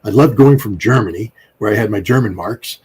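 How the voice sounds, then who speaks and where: A man's voice: lowish voice, brisk, a little mellow, husky. A middle-aged man from the United States, a guest commentator talking in a rambling, emphatic way, with many fillers and restarts. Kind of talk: conversational political commentary.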